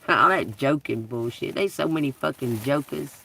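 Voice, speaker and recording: A woman's voice: rumbling low, expressive, moderate pace, creaky, sharp tone, distant mic, a little hiss or hum. A woman tarot reader talking on a livestream, blunt and profane, who laughs often and preaches to her viewers. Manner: preachy, addresses the collective. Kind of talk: casual livestream talk.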